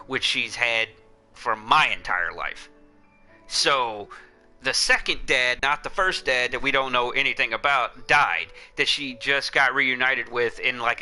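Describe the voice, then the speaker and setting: A man's voice: mid-range voice, pushed and bright, clean tone. A livestream host chatting casually, blunt and profane as he tells a rambling story. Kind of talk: casual chat.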